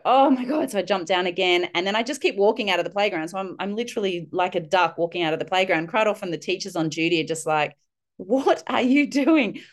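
A woman, a parenting instructor telling animated stories as an interview guest, acting out quotes. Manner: animated, acts out quotes in high voices. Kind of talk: casual storytelling interview.

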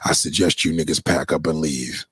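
Husky man in a heated profane rant. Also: extremely low pitch, moderate pace, a bit bright, no room sound, studio quality. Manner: heated, profane, sing-song jabs. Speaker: vlogger. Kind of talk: ranting commentary video.

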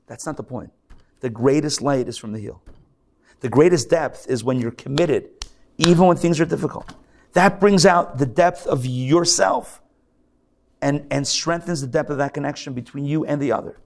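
A rabbi delivering a live sermon in a congregation's hall, his voice a touch high and gravelly. He jokes with the room and slips into mocking impressions of people before returning to his point. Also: moderate pace. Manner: animated, joking, acts out mock quotes. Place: synagogue hall.

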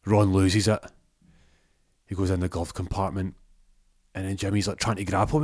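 A man's voice: deep voice, flat delivery, normal speed, pauses often, darkish tone, no room sound, studio quality. A man telling a rambling comic story, correcting himself as he goes.

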